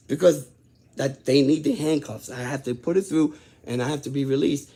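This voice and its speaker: Raspy gravelly guy telling his story, cussing a lot, goes quiet then gets all worked up and loud. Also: sing-song, moderate pace. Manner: swings from low and subdued to loud and worked up as he relives events; blunt, profane street talk. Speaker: host telling his own prison stories. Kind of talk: casual storytelling.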